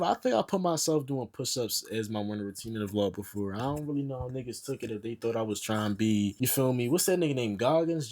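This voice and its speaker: A young man rambles through his thoughts straight to the viewer in loose street slang. His voice sits at an ordinary middle pitch, and he keeps circling back with quick asides while he reasons things out. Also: darkish tone. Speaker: YouTuber. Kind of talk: casual vlog monologue.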